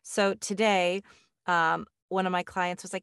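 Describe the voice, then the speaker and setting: A woman hosting a casual chat, telling a story in a lively way and acting out the dialogue she quotes. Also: lowish voice, normal speed, clear, resonant tone, dry recording, clean studio sound.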